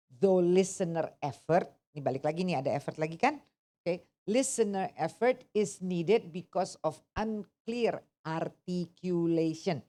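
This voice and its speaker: Lady teacher, warm mellow tone, keeps quizzing the class. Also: on the low side. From Indonesia. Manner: animated, asks the class questions, code-switching. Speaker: English test teacher. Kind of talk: interactive lesson, mixing English and Indonesian.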